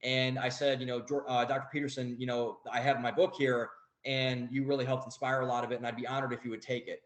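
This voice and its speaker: A man's voice: medium pitch, level tone, fast, few pauses, echoey room, rough recording. A young man telling a story as a podcast guest, rambling, with many fillers and restarts. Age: young adult. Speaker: guest author. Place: home office.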